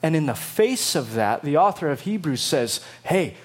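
A man preaching a sermon, emphatic and dramatic, acting out quotes in lively voices. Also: a little high, normal speed, breathy edge. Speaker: pastor.

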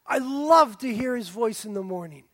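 A man preaching a sermon as a pastor, animated and swinging from loud exclaiming to a hushed near-whisper. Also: extremely high pitch, normal speed, dry recording, studio quality. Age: young adult.

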